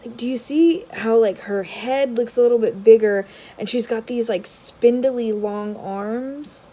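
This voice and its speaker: A woman vlogger giving casual unboxing commentary, rambling with many filler words and dropping into soft, half-murmured asides. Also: fairly high pitch, unhurried, low-quality recording. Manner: drops to a soft whisper at times. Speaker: tarot vlogger.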